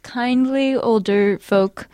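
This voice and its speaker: A woman's voice: fairly high pitch, slow pace, mellow, clear, resonant tone. A young woman co-hosting a podcast, talking casually, laughing and trailing off mid-sentence. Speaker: podcast co-host. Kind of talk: casual chat.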